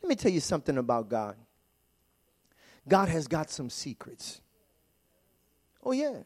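A man preaching a sermon in a church, calling out to the congregation and swinging from soft, low asides to loud shouts. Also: wildly swooping pitch, measured pace. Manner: fervent call-and-response preaching, swings from quiet to shouting. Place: church sanctuary.

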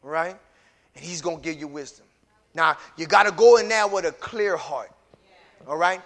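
A man preaching a passionate sermon, dropping to a hush and rising to shouts as he talks straight to his congregation with folksy asides. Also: on the high side, moderate pace. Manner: impassioned preaching, swinging from hushed to shouted. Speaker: pastor.

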